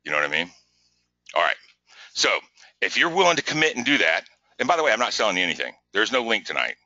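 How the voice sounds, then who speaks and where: A man hosting a live business webinar, talking in an energetic, repetitive, pushy coaching way. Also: fairly low pitch, fast, no echo, dull audio. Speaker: webinar host.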